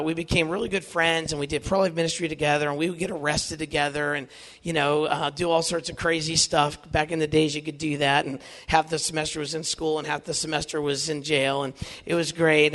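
Gravelly, high-voiced man telling a faith story. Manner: earnest, animated storytelling with self-deprecating humor. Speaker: Catholic youth speaker. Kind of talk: inspirational talk.

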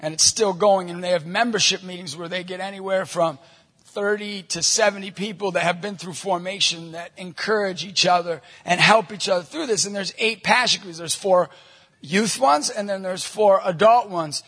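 Man, Catholic ministry leader, animated storytelling, breathy voice, long hall echo. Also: high-pitched, normal speed. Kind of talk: talk to a church group.

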